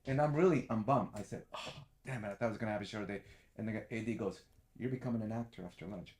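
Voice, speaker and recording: A middle-aged man, a background actor, telling a lively story in a casual chat and acting out the other people's voices. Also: lowish voice, quick pace, reverberant, slight background noise. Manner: animated, acts out quoted voices.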